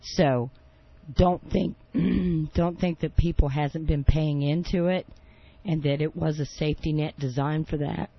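A man's voice: on the high side, fairly even intonation, unhurried, creaky, dull audio. A man co-hosting a talk radio show, earnest and insistent, and losing his voice.

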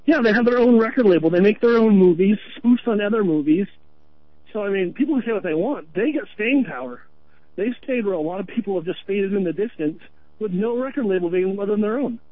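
High-voiced man from Vermont, tinny phone line. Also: animated, brisk. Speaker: caller. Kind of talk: phone-in radio talk. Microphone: telephone.

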